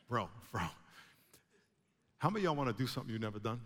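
A man preaching a sermon to a congregation, animated, with emphatic rising bursts. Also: fairly low pitch, normal speed. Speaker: pastor. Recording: long hall reverb.

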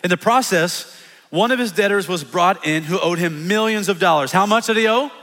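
Male pastor, high bright voice, animated sermon, long church reverb. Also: fairly quick. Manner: energetic, animated preaching with acted-out quotes. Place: church sanctuary.

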